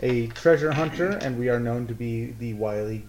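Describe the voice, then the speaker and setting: A man's voice: medium pitch, moderate pace, darkish tone, dull audio, slight background noise. A man playing in a tabletop game, talking eagerly and playfully with fillers. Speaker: player. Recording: roomy room.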